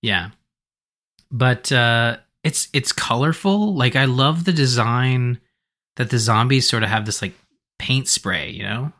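In a relaxed podcast conversation, this male co-host speaks at a measured pace in a mid-range voice that sounds pushed and bright. He meanders, often restarting sentences and leaning on filler words.

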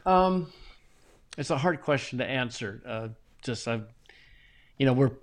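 A middle-aged man talking as a guest in a casual interview, animated and often chuckling, with frequent restarts. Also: mid-range voice, measured pace. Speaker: Bible translator guest.

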